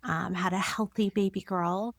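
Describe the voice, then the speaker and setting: A woman's voice: mid-range voice, fairly even intonation, moderate pace, no room sound, clean studio sound. A woman physician hosting an interview, reflecting on what her guest says and building long questions. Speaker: physician host. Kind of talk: conversational interview.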